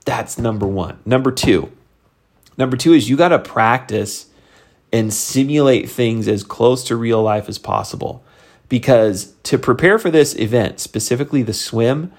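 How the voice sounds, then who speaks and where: Coaching his sales team, a middle-aged leader offers an animated, conversational pep talk at an unhurried pace. His pitch leaps upward whenever he wants to stress a point.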